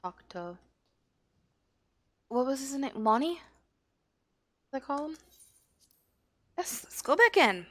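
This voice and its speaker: A woman streaming a game, thinking aloud and often trailing off quietly. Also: sits high, big pitch swings, takes it slowly, pauses often. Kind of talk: casual gameplay commentary.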